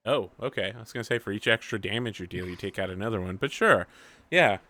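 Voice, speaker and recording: A man acting as game master, explaining the rules in a relaxed way and laughing easily. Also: on the low side, fast, a crowd in the background. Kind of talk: running a tabletop game.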